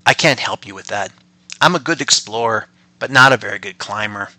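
A man doing a timid little rabbit, bright voice. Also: lowish voice, brisk, no room sound. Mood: apologetic. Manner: nervous, stammering when scared. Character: shy timid female rabbit explorer.

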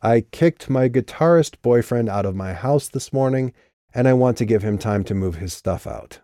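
A man reading an audiobook and voicing a guarded, quick-witted young woman who was once in a band. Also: medium pitch, expressive, mellow, dry recording, clean studio sound, natural voice. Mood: evasive.

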